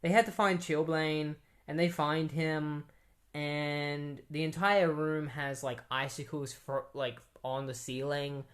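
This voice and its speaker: A man's voice: a little high, steady tone, takes it slowly, fairly bright tone. A man casually recapping a comic book plot, rambling with many "like"s and "um"s. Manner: rambling, heavy use of "like" and "um".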